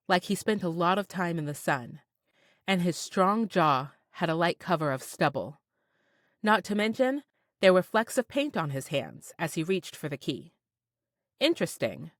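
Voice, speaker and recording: Expressive woman narrating a romance audiobook. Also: on the low side, no room sound. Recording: dry close studio sound.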